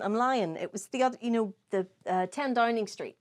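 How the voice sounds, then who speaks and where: Lively, sweary woman telling a story. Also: a little high, fairly quick, few pauses. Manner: animated storyteller, swears freely, acts out her own past lines. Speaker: podcast co-host. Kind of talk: casual chat over whiskey tasting.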